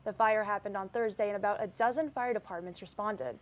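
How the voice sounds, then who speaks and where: A woman reading news briefs as anchor in a steady, plain way. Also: medium pitch, fairly quick.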